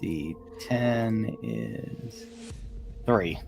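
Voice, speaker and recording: A man taking his turn as a player in a streamed tabletop game, reporting his dice and asking about items. He speaks slowly and fairly low, pausing on fillers, with faint music in the background. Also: animated, gravelly. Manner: unhurried, hesitant with fillers.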